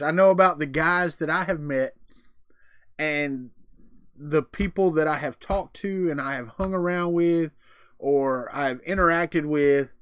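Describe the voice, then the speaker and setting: A middle-aged man with a drawl talks in a folksy, chatty way, reacting to his live chat between thoughts. His voice sits a little high for a man. The sound is dry and close, with no room echo. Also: a bit bright. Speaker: livestream host. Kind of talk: casual live-stream chat.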